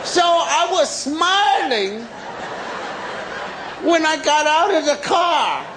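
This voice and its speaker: An American man in his forties doing stand-up, telling a long story in a drawn-out, animated way and shouting the punchlines. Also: very high-pitched. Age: 40s. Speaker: stand-up comedian. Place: comedy stage before a live audience. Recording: live stand-up with loud audience laughter and noise.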